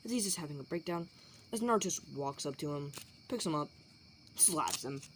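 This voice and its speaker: A woman makes up an anime crossover story as she goes, rambling on with fillers and restarts. Her voice sits fairly low, with faint background noise. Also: animated, fairly quick. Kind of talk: improvised fan story narration.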